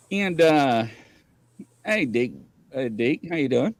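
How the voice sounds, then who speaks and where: A man's voice: mid-range voice, slow pace. A man hosting a casual livestream, telling rambling stories with lots of laughter. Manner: animated, rambling storyteller who laughs often. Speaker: host of a paranormal variety show.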